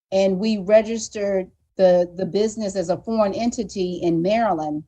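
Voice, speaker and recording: A woman's voice: medium pitch, mellow. A woman guest on a live talk show, speaking earnestly and emotionally, often repeating words as she restarts her sentences. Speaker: guest telling her story. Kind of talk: candid live-show conversation.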